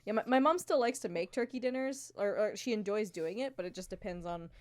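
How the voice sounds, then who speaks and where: A woman co-hosting a casual film chat show from home, talkative and quick to laugh. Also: mid-range voice, darkish tone. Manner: chatty, laughs often. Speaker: podcast co-host.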